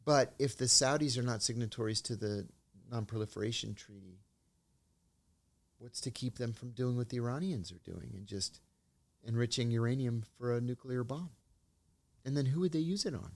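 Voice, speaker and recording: A man's voice: mid-range voice, normal speed, gravelly. Man telling stories in an interview. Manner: anecdotal, acts out quoted dialogue. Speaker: interview guest, former intelligence officer. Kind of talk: storytelling in a conversational interview.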